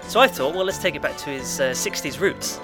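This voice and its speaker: A man co-hosts a relaxed podcast, talking in a chatty, giggly way. His voice sits a little high, and clear music runs behind him. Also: brisk. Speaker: podcast co-host. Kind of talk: casual film chat.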